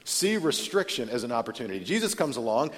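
A man preaching a sermon in a large church, telling stories in a conversational way and swinging from loud to hushed. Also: medium pitch, very animated, fast. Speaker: pastor. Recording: long reverb of a large hall.

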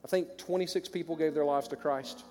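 A man with a Southern American accent preaching a sermon to his congregation, shifting from loud exclamations to quiet storytelling. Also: fairly high pitch, fairly even intonation, fairly quick, a little hiss or hum. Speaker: pastor. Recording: long reverb of a large hall.

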